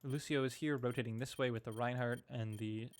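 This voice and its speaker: A man's voice: mid-range voice, fairly even intonation, a little fast. A man coaching as he reviews team match footage, thinking aloud in a casual, analytical way with frequent restarts. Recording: noticeable background noise.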